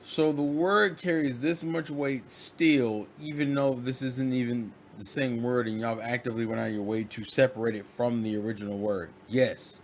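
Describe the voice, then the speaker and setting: Guy ranting on his vlog, mid pitch, lots of restarts, bit of hiss behind. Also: normal speed, few pauses. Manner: rambling and animated, with frequent restarts and acted-out quotes. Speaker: vlogger. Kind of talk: casual monologue to camera.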